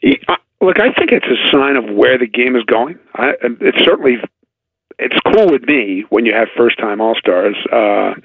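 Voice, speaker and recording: Male baseball writer, radio guest, gravelly tone, dry phone-line sound, chatty and halting. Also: mid-range voice, expressive, no echo. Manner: chatty, halting, sarcastic asides. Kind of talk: casual radio sports chat.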